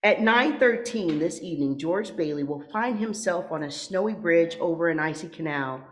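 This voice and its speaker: Lady doing a patient old angel boss, lowish and steady, radio play. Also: normal speed, slight background noise, close to an everyday voice. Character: calm senior angel, patient and commanding.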